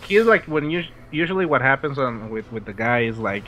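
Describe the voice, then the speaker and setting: A man co-casting a match in casual chat, halting and trailing off, stumbling over his words. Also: medium pitch, expressive, fairly bright tone. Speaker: esports co-caster. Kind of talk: casual chat between game commentary.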